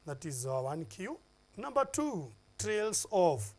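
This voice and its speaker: A man's voice: high voice, very animated, slow, darkish tone. Kenyan man teaching an English lesson. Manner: emphatic, lists points one by one with fillers. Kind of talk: televised classroom lesson.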